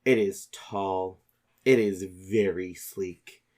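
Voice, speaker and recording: Low-voiced man describing game scenes. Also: steady tone, extremely slow, darkish tone. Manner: descriptive, casual, many fillers. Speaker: player. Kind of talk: actual-play tabletop game narration.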